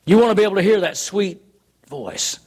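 A man's voice: high-pitched, fairly quick, darkish tone, husky. A man preaching a sermon, earnest and emphatic, driving his points home with rhetorical questions.

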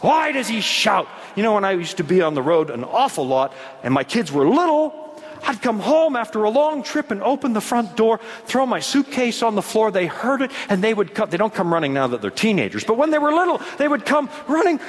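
A middle-aged male pastor preaching a sermon, swinging from quiet asides to shouted points. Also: high-pitched, big pitch swings, a little fast, long reverb tail.

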